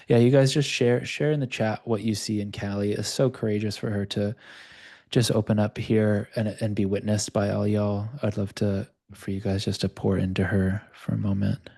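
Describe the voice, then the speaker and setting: A man hosting a live video call session, calmly coaching a participant and talking openly about his own past. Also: fairly low pitch, moderate pace, vocal fry. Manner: calm, reflective, speaks of own past openly.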